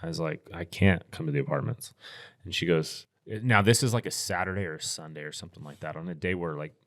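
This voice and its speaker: Podcast guest, middle-aged man, very low voice, relaxed storyteller with lots of restarts. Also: fast talker, no room sound, clean studio sound. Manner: laid-back, rambling with restarts and fillers. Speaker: podcast guest, firearms instructor. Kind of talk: casual storytelling.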